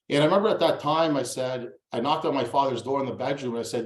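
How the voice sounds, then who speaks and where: A man's voice: mid-range voice, fast, hardly any pauses, roomy sound, rough recording. A man from Toronto, a real estate coach, telling a personal story in a motivational style and acting out remembered dialogue with stammered restarts. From Toronto, Canada.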